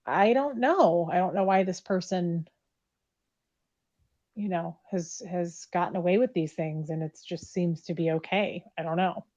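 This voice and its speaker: A woman's voice: lowish voice, a little slow, a little mellow. Blunt woman on a muffled phone call. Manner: candid, blunt, swears freely. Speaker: caller, former member recounting her past. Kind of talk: recorded phone conversation.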